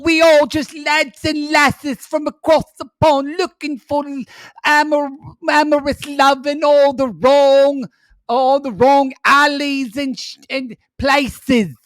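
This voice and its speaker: A man putting on a hammy English accent as an announcer signing off, shouting and stumbling over words. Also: very high voice, fairly even intonation, takes it slowly, dry recording, voice pushed up, full character voice, rough recording. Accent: English, put on.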